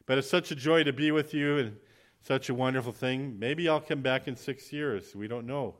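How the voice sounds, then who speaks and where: A man preaching a sermon, telling a lively story and then closing in prayer. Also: mid-range voice, normal speed. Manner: animated, acts out quoted voices; ends in spoken prayer. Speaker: visiting preacher.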